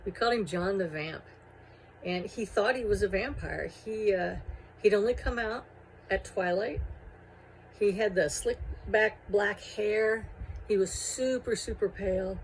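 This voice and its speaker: A woman's voice: medium pitch, measured pace, a little hiss or hum, poor audio. Amused woman telling a hometown story. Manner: animated, amused, with laughing asides. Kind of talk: casual personal storytelling.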